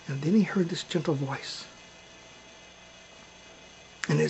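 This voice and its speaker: A man's voice: a little high, takes it slowly, vocal fry, long pauses, darkish tone, slight background noise, low-quality recording. A man telling a heartfelt story to his children, dramatic, often dropping to a whisper and swelling at tense moments.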